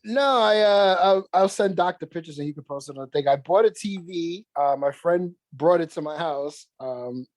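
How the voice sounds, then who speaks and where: A man's voice: on the high side, normal speed, hardly any pauses, no echo. A man co-hosting a casual podcast, telling stories with lots of swearing and laughter. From New York. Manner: animated storyteller, swears often, laughs mid-sentence. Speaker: podcast co-host.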